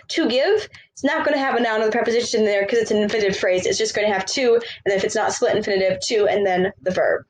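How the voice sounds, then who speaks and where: Woman, patient grammar teacher, drills with questions; higher pitch, light background noise. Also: poor audio. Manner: patient, explains step by step with question-and-answer drills. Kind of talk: grammar lesson over written examples.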